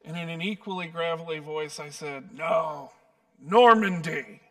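A man, a pastor, preaching a sermon and telling stories with gentle self-deprecating humor. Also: on the high side, fairly even intonation, a little fast, far from the mic. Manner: warm storytelling, light self-deprecating humor.

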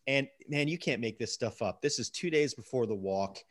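A middle-aged man telling a long personal story in a casual interview, animated and repeating words as he gets going. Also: medium pitch, moderate pace. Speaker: guest.

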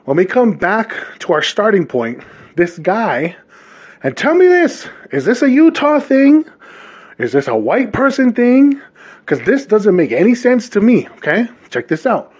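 A man in his thirties from Hawaii, hosting a podcast and telling a story in a casual, animated monologue aimed straight at his listeners. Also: high voice, a little slow, breathy edge, dull audio. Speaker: podcast host.

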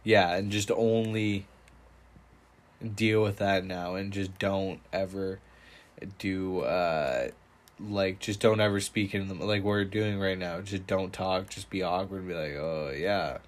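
Casting: young male podcast co-host, low voice, laid-back, swears a lot. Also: steady tone, slow pace. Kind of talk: casual chat.

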